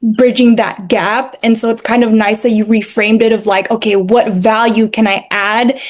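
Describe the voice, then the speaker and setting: A somewhat high-voiced woman speaks up in a group video call as a real estate agent. She sounds earnest and a little hesitant, filling pauses as she searches for words. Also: steady tone. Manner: hesitant, earnest, many fillers.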